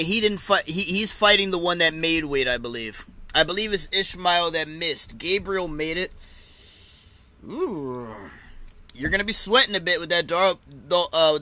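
A man's voice: on the high side, bright, forceful tone. A man casually chatting and laughing as he reacts live to a fight card, with loose, swearing banter.

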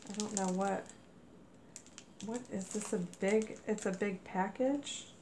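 A woman unboxing craft mail, talking at an unhurried, slow pace. She gushes and exclaims over each item in a casual, chatty way. A faint background ambience sits under her voice. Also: mid-range voice, background noise. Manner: gushing, exclaims often. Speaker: crafting vlogger.

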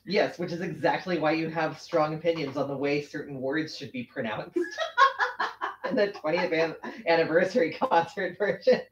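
A host chatting casually on a livestream while sewing, rambling and correcting themself, quick to laugh. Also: medium pitch, big pitch swings, fairly bright tone, slight background noise. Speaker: stream host. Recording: roomy, muffled home stream audio.

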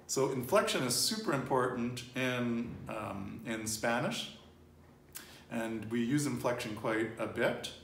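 A man's voice: mid-range voice, takes it slowly, vocal fry, pauses often. A man teaching a casual Spanish lesson, patiently prompting his learner and repeating her answers. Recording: roomy, distant mic with faint noise.

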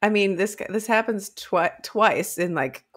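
A woman's voice: mid-range voice, a little slow. A woman co-hosting a casual book discussion podcast, retelling scenes animatedly and laughing often. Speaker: podcast co-host.

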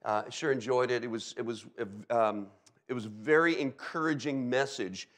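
A man's voice: medium pitch, moderate pace, fairly bright tone. A middle-aged man from Delaware preaching a sermon as a pastor, telling stories with sound effects and frequent "okay?" asides. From Delaware, USA.

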